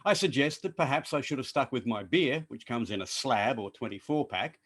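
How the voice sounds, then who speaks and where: An Australian man giving a playful, explanatory prepared speech to an online club. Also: normal speed. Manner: playful, explanatory, lively pitch swings. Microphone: online call.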